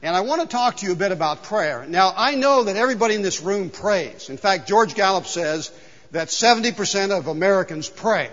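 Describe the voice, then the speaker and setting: A man preaching a sermon as pastor in a church, telling a folksy story with lively exclaimed punchlines. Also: high voice, brisk, in a large hall, dull audio. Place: church sanctuary.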